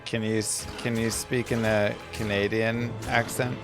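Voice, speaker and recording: A man's voice: lowish voice, level tone, a little slow, music in the background. A man live-streaming a game, talking in a dry, teasing way with some stammering. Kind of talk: casual live-stream chat.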